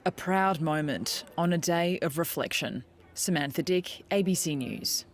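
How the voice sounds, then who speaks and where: A woman's voice: on the low side, measured pace, slight background noise. A woman with an Australian accent narrating a news report in short, clipped phrases. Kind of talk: scripted news voice-over.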